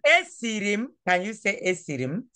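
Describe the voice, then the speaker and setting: A woman teaching a language class over a phone, patient and coaxing, repeating words slowly. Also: lowish voice, animated, a bit bright.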